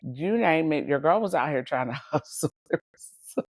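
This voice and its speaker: A woman hosting a podcast, telling stories in a lively, animated way, laughing often and calling her listeners y'all. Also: low voice, moderate pace, no room sound, studio quality. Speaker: podcast host and coach. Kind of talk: casual storytelling monologue.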